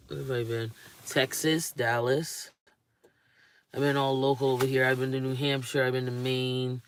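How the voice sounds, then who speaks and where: A man's voice: medium pitch, slight background noise. A young adult man chatting casually to camera, rambling and thinking aloud as he lists things. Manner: rambling, thinking aloud while listing places. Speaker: vlogger. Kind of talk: casual vlog chat.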